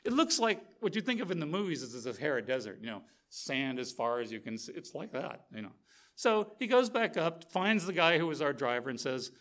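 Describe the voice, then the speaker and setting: A middle-aged man preaching a sermon, telling a story with lively, animated energy and acting out the quotes. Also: mid-range voice, brisk.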